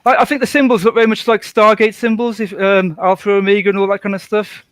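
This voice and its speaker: A man's voice: sits high, flat delivery, quick pace, a bit bright, dry recording. A British man chatting as a guest on a video call, hesitant and self-deprecating, often laughing. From Britain. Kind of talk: casual video call chat.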